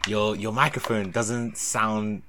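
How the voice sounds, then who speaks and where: A young man co-hosting a casual podcast, teasing his friend in quick slang banter. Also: fairly low pitch, level tone, a bit bright, a little hiss or hum. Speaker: podcast co-host.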